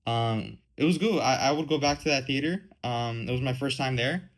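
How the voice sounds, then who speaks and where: A man's voice: medium pitch, normal speed, poor audio. A man in his twenties hosting a casual solo podcast, rambling with lots of "like" and "um". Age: 20s. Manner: rambling, heavy use of "like" and "um". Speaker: podcast host.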